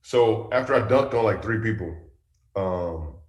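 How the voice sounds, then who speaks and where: Animated comedian telling a story, echoey studio. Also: male voice, on the low side, measured pace. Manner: animated, punchline-driven storyteller with playful asides. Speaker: comedian guest. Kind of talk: comic storytelling in a talk-show interview.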